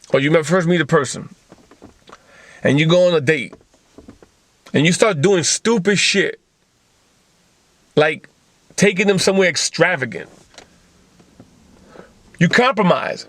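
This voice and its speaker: A man's voice: high voice, a bit bright, no room sound. A man hosting a motivational talk show, lecturing in blunt, profane casual speech full of rhetorical questions.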